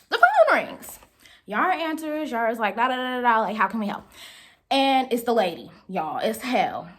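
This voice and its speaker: A young woman vlogger casually telling a work story to her viewers, chatty and animated. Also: on the high side.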